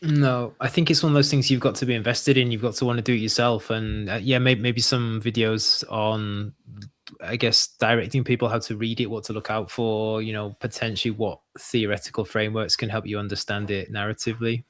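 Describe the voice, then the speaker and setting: A man's voice: fairly low pitch, fairly even intonation, brisk, a bit bright, no room sound, studio quality. A man co-hosting a casual literary discussion, chatty and full of anecdotes, often restarting his sentences. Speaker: podcast co-host.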